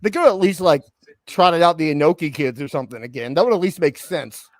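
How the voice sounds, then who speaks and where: A man chatting on a live stream as a co-host, easygoing and quick to laugh. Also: on the high side, lively intonation, dry recording, clean studio sound. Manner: easygoing, laughs often, conversational. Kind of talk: casual live stream chat. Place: remote stream setup.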